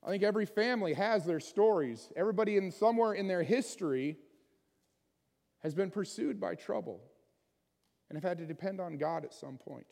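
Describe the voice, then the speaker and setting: A man's voice: high-pitched, gravelly, a little mellow, long reverb tail. A man preaching a sermon in a conversational way, often putting questions to his listeners. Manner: conversational, asks the congregation many questions. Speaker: pastor.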